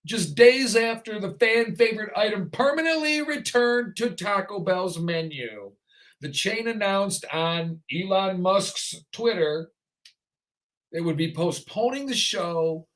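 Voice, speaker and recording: Male talk host, high voice, sarcastic, rants on air. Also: very animated, slow pace, fairly bright tone. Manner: sarcastic, ranting. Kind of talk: solo talk show commentary.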